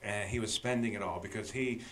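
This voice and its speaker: A man who is a guest comedian, telling road stories in a casual chat, animated and often laughing. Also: on the low side, fairly quick.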